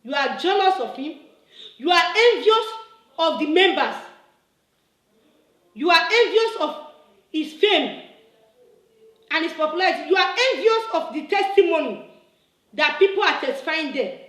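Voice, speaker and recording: A woman's voice: very high-pitched, expressive, measured pace, pauses often, a bit bright, echoey room, poor audio. A woman, delivering an impassioned, scolding video reply that repeats its points and builds to emphatic bursts. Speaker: church member making a video reply. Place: her room, indoors.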